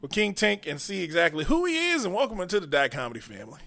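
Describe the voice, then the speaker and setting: A man hosting a comedy podcast in a loose, laughing way, with plenty of cursing. His voice sits a bit high and sounds bright and forward. He talks on a studio mic. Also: sing-song, quick pace, vocal fry. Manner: laughing storyteller, loose and profane. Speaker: podcast host. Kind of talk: casual comedy podcast banter.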